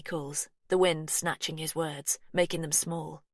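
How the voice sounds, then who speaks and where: A woman reading a story aloud as an audiobook narrator, hushed and measured. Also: low-pitched, flat delivery, no room sound, clean studio sound.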